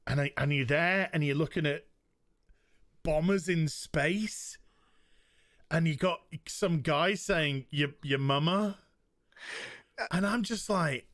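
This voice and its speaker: A man with a fairly high voice tells a story with lots of energy, swearing and restarting his sentences as he goes. The sound is dry and close, as on a podcast chat. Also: takes it slowly, pauses often, no room sound. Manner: animated storytelling, profane, many restarts. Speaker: podcast co-host. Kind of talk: casual chat.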